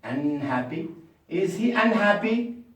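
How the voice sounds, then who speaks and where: A man teaching a beginner language lesson, slowly repeating example sentences again and again. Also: sits high, sing-song, a bit bright. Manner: slow repetitive drilling of example sentences. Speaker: English teacher. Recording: very echoey room, mic far off.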